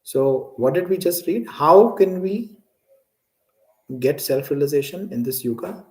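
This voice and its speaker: Man, teacher, scripture class, lively pitch, coaxing questions. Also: measured pace, rough recording. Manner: coaxing, checks in with "right?".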